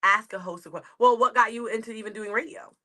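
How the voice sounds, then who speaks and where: A woman's voice: on the high side, fast talker, pushed and bright. A woman from the United States with a New York accent, a comedian chatting as a guest on a video-call interview, rambling and easy to laugh. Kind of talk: casual interview chat.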